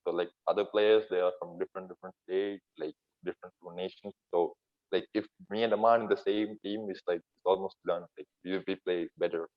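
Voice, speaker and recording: A young man speaks in a lowish voice as an interview guest. He talks haltingly, with many "like" fillers. The sound is dull and lo-fi. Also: steady tone. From India. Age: young adult. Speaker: guest, student basketball player. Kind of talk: casual interview chat.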